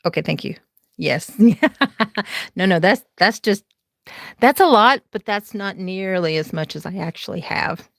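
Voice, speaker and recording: Her voice is fairly low, creaky and a bit bright, with a measured pace and no echo. She's a woman in her forties with a Southern accent, rambling through her home on a casual late-night crafting stream, laughing often and talking to viewers.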